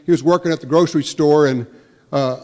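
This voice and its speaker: A man's voice: a little high, fairly quick, darkish tone, long reverb tail. A man emceeing an awards luncheon, introducing guests and telling folksy jokes with frequent restarts. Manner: folksy, with self-correcting restarts. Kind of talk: joke-telling emcee remarks. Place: large banquet hall.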